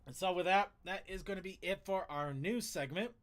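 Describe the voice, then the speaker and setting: A man's voice: high-pitched, fairly quick, fairly bright tone. A man hosting a casual online panel show, rambling through segments, laughing often and restarting his words. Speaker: podcast host.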